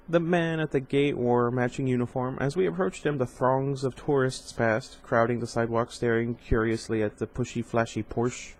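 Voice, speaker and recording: A man's voice: medium pitch, low-quality recording. A man reading a novel aloud in an informal way, with casual asides and stumbles over hard words. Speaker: reader.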